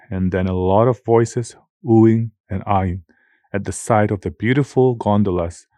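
A man narrating a children's storybook in a measured, steady way. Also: fairly low pitch, dry recording. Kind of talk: scripted audiobook narration.

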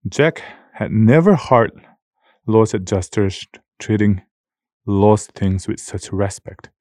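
A man narrating a children's storybook in a measured, steady way. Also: lowish voice, dry recording, clean studio sound. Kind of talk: scripted audiobook narration.

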